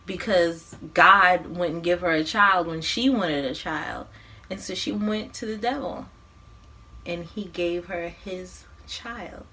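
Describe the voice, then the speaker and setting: A woman vlogger casually recapping a movie, with animated, slangy, profane storytelling. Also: mid-range voice. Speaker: mukbang vlogger.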